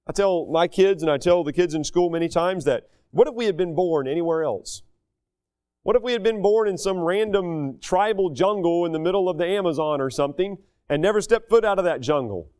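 A middle-aged American man preaching a sermon in a folksy, animated way, raising his voice for quoted speech. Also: sits high, a little fast, clear, resonant tone. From United States.

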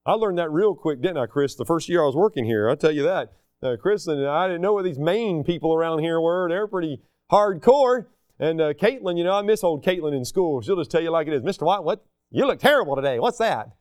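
A man's voice: on the high side, brisk, clear, resonant tone, no room sound, studio quality. A man preaching a sermon, talking casually and acting out the people he quotes. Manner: animated, acts out the people he quotes.

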